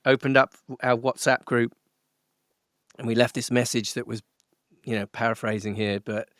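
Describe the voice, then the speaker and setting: A middle-aged man, a musician guest, telling a story in an interview with animated delivery, frequent laughs and many fillers and restarts. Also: medium pitch, moderate pace, no echo, studio quality.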